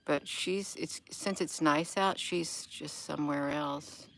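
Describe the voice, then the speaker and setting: Chatting slowly in a deep, creaky voice with fairly even intonation, a woman livestreams from her yard. Her talk meanders, she loses her thread, and she calls out viewers by name.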